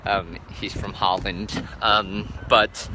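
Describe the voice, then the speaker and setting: A man's voice: fairly low pitch, little pitch movement, slow. A man vlogging live outdoors among boats, answering viewer questions in a rambling, casual way full of filler words. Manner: rambling, filler-heavy, lots of "um" and "like". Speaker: travel vlogger. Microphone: phone held for a live stream. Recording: noisy outdoor background.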